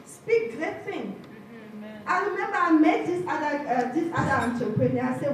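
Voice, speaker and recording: High-voiced French-accented woman coaching a hall. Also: normal speed. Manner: energetic, calls out to the crowd and leads call-and-response. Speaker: life coach. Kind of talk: motivational talk to a live audience. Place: large hall with an audience. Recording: echoey hall, far from the mic, crowd and noise.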